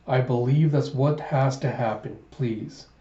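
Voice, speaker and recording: A man's voice: mid-range voice, unhurried, warm tone, reverberant, dull audio, lightly acted. A man reading a determined young princess from a manga, earnest and resolute, in his own register.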